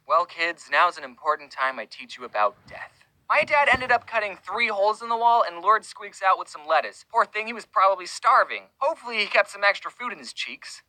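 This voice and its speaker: A young man narrating a comedic scripted story, jokey with deadpan asides. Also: high-pitched, no room sound, poor audio. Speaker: animated storyteller.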